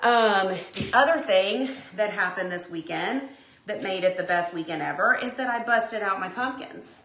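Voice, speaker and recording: Middle-aged Tennessee woman, Southern accent, chatty livestream craft host, bright tone, roomy sound with faint hum. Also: medium pitch, moderate pace. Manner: chatty, greets viewers by name, says y'all. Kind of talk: casual livestream chat and craft demo. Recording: echoey room, faint background hum.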